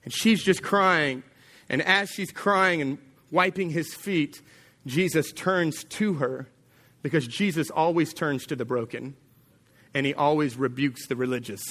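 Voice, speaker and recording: A man preaching a sermon as pastor, telling a story with animated delivery and acting out the voices of its people. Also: on the high side, unhurried.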